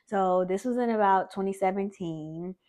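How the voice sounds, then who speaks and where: A woman's voice: mid-range voice, moderate pace, darkish tone. A woman vlogger candidly telling her own story, reflective and conversational with plenty of fillers.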